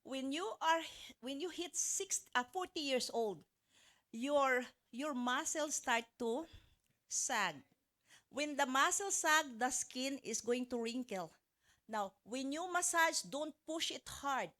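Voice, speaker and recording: A woman's voice: sits high, expressive, takes it slowly, sharp tone. A woman giving a live seminar talk to an audience. She talks in a chatty, coaching way, jokes with the crowd, and often searches for words and restarts her phrases. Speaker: motivational speaker.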